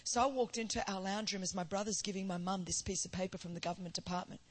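A woman's voice: medium pitch, steady tone, quick pace. An Australian woman in her forties stands before a church and tells her own story as a sermon. She moves from plain storytelling to ringing, emphatic declarations, with a preacher's sense of rhythm. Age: 40s. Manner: storytelling, rising to emphatic proclamation. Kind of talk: sermon testimony.

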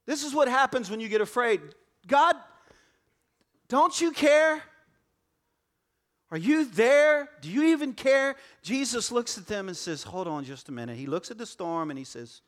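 A man's voice: extremely high pitch, a bit bright. A man preaching a sermon to a church congregation, joking and conversational, with frequent asides to the audience. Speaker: pastor. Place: church auditorium before a congregation.

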